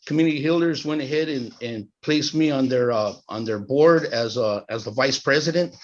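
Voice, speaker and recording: A middle-aged man sharing in a support group over a video call, talking haltingly with many fillers and restarts. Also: mid-range voice. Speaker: group participant. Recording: slightly dull video-call audio.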